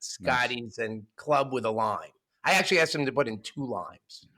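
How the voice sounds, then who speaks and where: A man co-hosting a podcast, telling a joke as an animated storyteller. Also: mid-range voice, normal speed. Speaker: podcast co-host.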